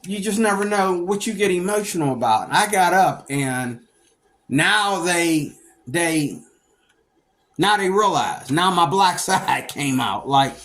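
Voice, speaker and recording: Man, middle-aged, from Pennsylvania, casual rambling monologue, fairly high voice, loud when quoting others. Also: measured pace. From Pennsylvania, United States. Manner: rambling, animated, acts out quoted people with sudden loud outbursts. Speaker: storyteller recounting his past.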